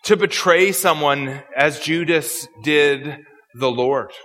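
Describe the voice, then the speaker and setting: A man's voice: fairly high pitch, slow pace, sharp tone. A man preaching an expository sermon, earnest and prone to repeating words as he searches for phrasing. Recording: long hall reverb.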